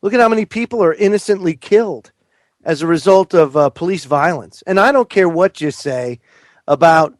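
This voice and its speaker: A man's voice: high voice, animated, moderate pace, dry recording, clean studio sound. A man appearing as a guest on political talk radio, speaking emphatically and with indignation.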